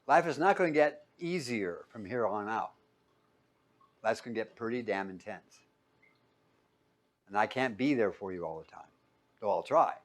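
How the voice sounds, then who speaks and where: Guy preaching a sermon, keeps asking the room stuff then answers it, gets loud then drops real quiet. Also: expressive, moderate pace, pauses often. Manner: asks the room questions and answers them himself; swings between loud emphatic peaks and quiet low asides. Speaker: pastor.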